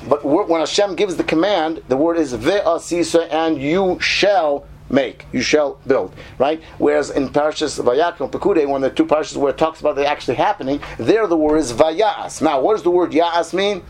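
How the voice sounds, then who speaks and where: A man's voice: a little high, normal speed, few pauses. A man teaching a casual Torah class, checking in with listeners and drawing out Hebrew words. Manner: questioning, often asks "right?", stretches out Hebrew words.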